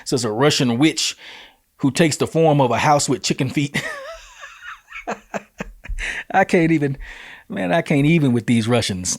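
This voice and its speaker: A man's voice: mid-range voice, no room sound. Male show host, medium voice, loose read of event flyers with jokey asides, dry close sound. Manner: laid-back, joking asides, reads flyers aloud with slips and corrections. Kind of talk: casual community-events rundown.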